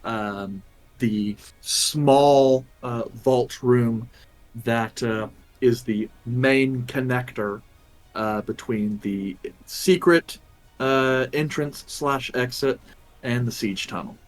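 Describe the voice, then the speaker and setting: A man narrating scenes as game master, with measured descriptions and frequent fillers. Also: medium pitch, soft background music.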